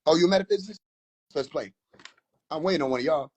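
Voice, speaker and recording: A man's voice: on the high side, fast, darkish tone, breathy edge. A man hosting a live stream, boisterous and mocking in a casual rant, laughing often. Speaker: livestream host.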